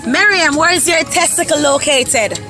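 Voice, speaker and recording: A woman's voice: high voice, lively intonation, normal speed, vocal fry. A woman with a Jamaican accent chatting playfully on a vlog, teasing her family and laughing often while riding home. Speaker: vlogger. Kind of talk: casual vlog chat. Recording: loud music and crowd chatter.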